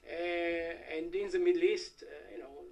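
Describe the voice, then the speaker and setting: Male conference speaker, middle-aged, high voice, hesitant and wry. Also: fairly even intonation, creaky, a little mellow. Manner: halting, many "uh" fillers, wry asides to the audience. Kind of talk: academic conference talk. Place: conference hall.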